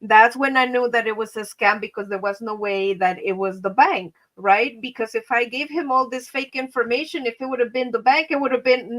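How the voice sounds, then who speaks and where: A woman hosting a casual live stream from home, chatting to her viewers as friends and telling a story with animated energy. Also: on the high side, normal speed, hardly any pauses, rough recording. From Mexico.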